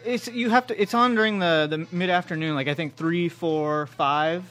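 A man's voice: on the high side, normal speed, fairly bright tone, soft background music. A man co-hosting a podcast, chatting casually about sports and often stumbling over his words. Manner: hesitant, full of restarts and fillers. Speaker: podcast co-host. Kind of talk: casual chat.

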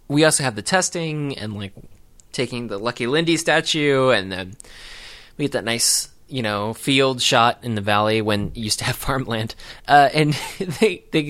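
A man co-hosts a casual podcast, recapping a film in a rambling, hesitant way full of fillers and dry sarcasm. His voice is medium-pitched and a bit bright.

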